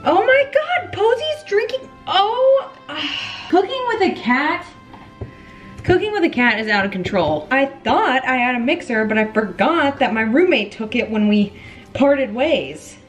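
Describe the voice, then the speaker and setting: A bubbly woman with a slightly high voice talks her way through baking in her home kitchen. She jokes, laughs at her own mistakes and chats straight to her viewers. Soft music plays faintly behind her. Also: sing-song, a little slow. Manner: chatty, joking, laughs often at herself. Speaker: vlogger. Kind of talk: casual baking vlog chat.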